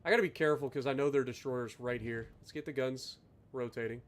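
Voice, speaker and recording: A man streaming live gameplay, ranting loudly and sarcastically at his teammates between calm play-by-play commentary. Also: mid-range voice, quick pace, a little hiss or hum. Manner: loud, exasperated ranting with sarcastic asides.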